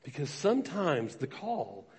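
Man, 40s, pastor, sermon, storytelling, somewhat high voice, reverberant church hall. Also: sing-song, a little slow, darkish tone, breathy edge. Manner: storytelling, conversational, quotes voices in dialogue. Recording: long reverb of a large hall.

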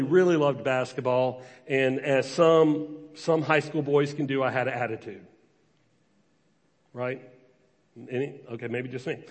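A man in his forties preaching a sermon, telling a personal story conversationally and acting out the voices in it. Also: fairly high pitch. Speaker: pastor. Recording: long reverb of a large hall.

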